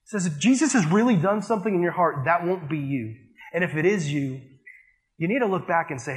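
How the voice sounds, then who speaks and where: A man's voice: on the high side, lively intonation, fairly quick. A man giving a sermon as a youth pastor, telling a story in a casual, conversational way and often saying "like". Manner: casual, conversational, heavy use of "like".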